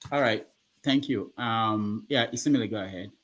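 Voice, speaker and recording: A man hosting an online panel, briskly passing the floor to speakers. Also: on the low side, fairly bright tone. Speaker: host. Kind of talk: moderating a panel.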